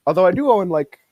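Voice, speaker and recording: A man chatting on a podcast, playful and rambling, laughing through his sentences. His pitch leaps around in a lively, sing-song way, and the recording is close and dry with no room sound. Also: no room sound. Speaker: podcast co-host. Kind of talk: casual chat.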